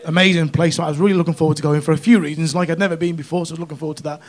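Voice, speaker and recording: Cheeky high-voiced northern English comic. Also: male voice, fairly even intonation, very fast. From Runcorn, northwest England. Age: middle-aged. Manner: chatty, cheeky, tag questions like "right?". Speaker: stand-up comedian. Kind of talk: stand-up comedy set. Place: comedy club stage.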